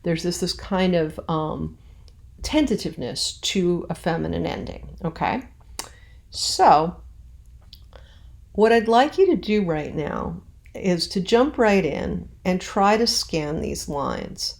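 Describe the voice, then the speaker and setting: A woman's voice: lowish voice, expressive, slow, vocal fry, darkish tone. A woman teacher giving a casual recorded lesson, chatty with many fillers, reading verse lines aloud with exaggerated stresses. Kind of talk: recorded classroom lesson on poetic meter.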